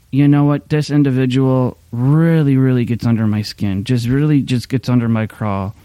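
A man's voice: medium pitch, mellow, no echo. A middle-aged man pastor giving a casual, candid sermon talk, rambling with restarts and fillers.

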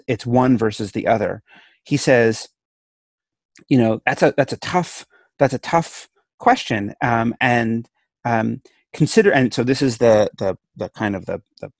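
A man's voice: mid-range voice, vocal fry, no echo. A man talking as a law professor in a casual podcast discussion, chatty and playful, with many restarts.

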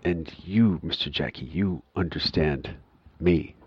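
A man voicing a quiet, insistent male taxi driver in a story, speaking low, slow and pleading. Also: breathy edge, no room sound, lo-fi sound, full character voice.

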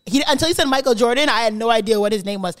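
A woman's voice: fairly high pitch, very fast, no room sound, studio quality. A young woman co-hosting a podcast, chatting casually and telling stories in a blunt, emphatic way. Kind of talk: casual chat.

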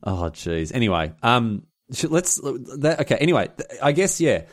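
An Australian man co-hosting a podcast in casual chat, animated and quick to exclaim. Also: mid-range voice. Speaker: podcast co-host.

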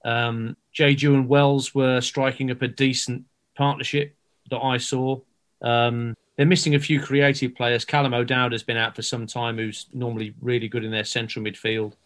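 A man, a broadcaster guest, giving a calm, measured rundown of a football team. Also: mid-range voice. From England. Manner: measured, analytical. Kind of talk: casual chat, match analysis.

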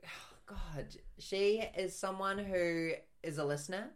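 A man's voice: high voice, unhurried. A man co-hosting a podcast in casual chat, playful and teasing. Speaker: podcast co-host.

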